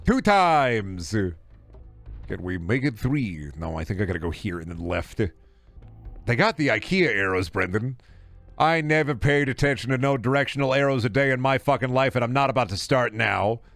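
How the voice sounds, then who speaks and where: A man's voice: mid-range voice, animated, normal speed, vocal fry, soft background music. Swearing, jokey male game streamer. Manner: profane, jokey rambling with sudden loud outbursts. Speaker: streamer playing a shooter game. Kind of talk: casual gameplay commentary.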